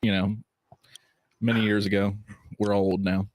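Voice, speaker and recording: A man's voice: fairly low pitch, flat delivery, moderate pace, darkish tone, dry recording. A man in a casual chat, dropping short questions and reactions. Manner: brief questioning interjections.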